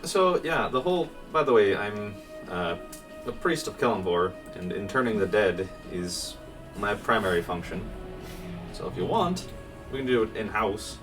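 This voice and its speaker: A man at a tabletop game, speaking in a quick, matter-of-fact way. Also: lowish voice, animated, fairly bright tone, soft background music. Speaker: player. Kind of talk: casual tabletop game talk. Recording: distant mic.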